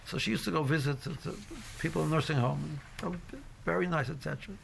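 A man's voice: a little high, quick pace, vocal fry, a little hiss or hum. A middle-aged man teaching a casual Torah class, rambling with many fillers and restarts and mixing in Hebrew phrases. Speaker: yeshiva teacher.

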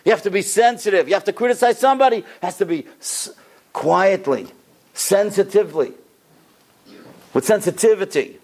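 A rabbi giving a sermon, telling stories with an animated delivery and a voice that climbs on the key points. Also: male voice, high voice, normal speed. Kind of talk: sermon storytelling.

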